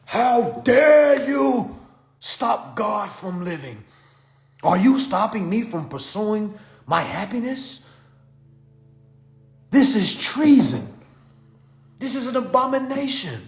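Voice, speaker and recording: A man putting on the voice of a pompous, indignant king, speaking in a grand, outraged, drawn-out way. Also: sits high, big pitch swings, echoey room, pitched above the performer's own voice, heavily acted.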